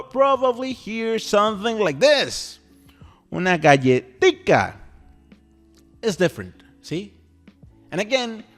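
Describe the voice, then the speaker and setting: A man whose first language is Spanish, teaching a language lesson in a playful, chatty way and checking in with the listener often. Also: high-pitched. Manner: animated, playful, chatty with frequent "okay?" check-ins. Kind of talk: lively scripted language lesson.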